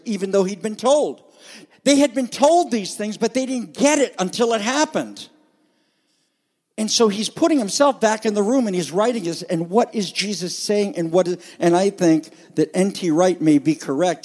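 A man's voice: high voice, darkish tone. A pastor delivering a conversational sermon with emphatic phrasing, explaining scripture to his congregation. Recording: long hall reverb.

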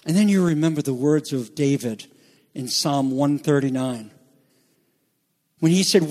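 Male pastor, fairly high voice, sermon delivery with hushed lows and rising emphatic peaks. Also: unhurried, long pauses. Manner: preaching with rising, animated emphasis and hushed low passages.

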